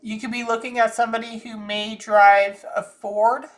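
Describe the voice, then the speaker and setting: A woman's voice: fairly high pitch, flat delivery, moderate pace. A woman with a Southern US accent, talking casually through a psychic reading and thinking aloud with frequent restarts. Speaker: psychic channeler.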